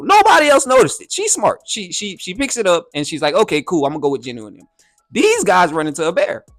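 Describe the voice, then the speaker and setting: Man, casual anime reaction, slangy and animated, fairly high voice, swooping pitch, faint music behind. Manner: slangy, animated, repeats "you feel me".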